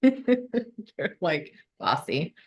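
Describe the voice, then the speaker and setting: A woman giving a motivational talk in a conference room, then leading a guided visualization in a calm, soothing way. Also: lowish voice. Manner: warm, slow and soothing when guiding the meditation. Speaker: motivational speaker. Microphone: phone.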